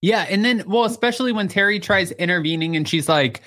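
A man hosting a casual recap chat, lively, acting out quotes and swearing freely. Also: fairly high pitch, normal speed. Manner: animated, acts out quotes, swears. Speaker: podcast host.

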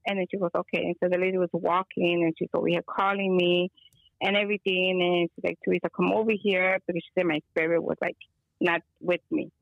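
Woman, guest healer, rambling casual story, gravelly, dry close sound. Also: fairly low pitch, little pitch movement, fairly quick, dry recording. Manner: rambling, mixes in Spanish words, many fillers. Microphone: phone or video call. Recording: dull lo-fi call audio.

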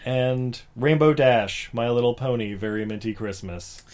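A man's voice: mid-range voice, measured pace, darkish tone. A man co-hosting a podcast, casually presenting mock movie awards and laughing often. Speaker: podcast co-host.

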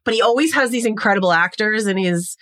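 A woman's voice: mid-range voice, fast talker, fairly bright tone. A woman co-hosting a podcast, talking through her view of a TV series in casual chat. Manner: thoughtful, talks through her ideas with fillers. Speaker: podcast co-host.

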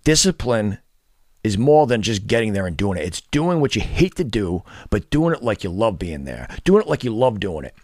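A man's voice: on the low side, sing-song, moderate pace, darkish tone, dry recording, clean studio sound. A man ranting bluntly to camera as a fitness and dating vlogger, profane, scornful and lecturing.

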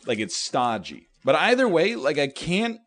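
A man hosting a show, delivering a rambling, self-deprecating comedic monologue full of "like," with sudden pitch jumps when he acts out other people. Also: big pitch swings, moderate pace, fairly bright tone. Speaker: show host.

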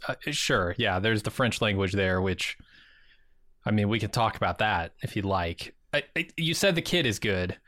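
A man's voice: lowish voice, expressive, moderate pace, fairly bright tone, no echo. A man co-hosting a podcast, chatting casually with dry, skeptical remarks. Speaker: podcast co-host. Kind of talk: casual chat.

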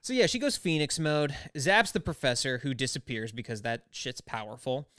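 A man's voice: medium pitch, normal speed, a bit bright, no room sound, studio quality. A young man co-hosting a podcast, recapping a cartoon episode in casual chat and acting out the characters' lines. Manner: chatty, acts out characters' lines. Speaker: podcast co-host.

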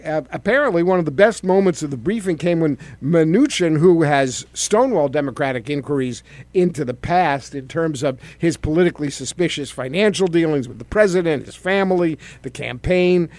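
A man's voice: high-pitched, a little mellow, dry recording. A middle-aged man hosting a political commentary show, sardonic and conversational, with fillers. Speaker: talk show host, former congressman.

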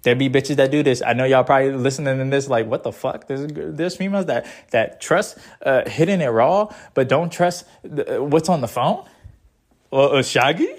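A man's voice: medium pitch, normal speed. A young man hosting a casual advice monologue, talking in blunt, profane, laid-back slang.

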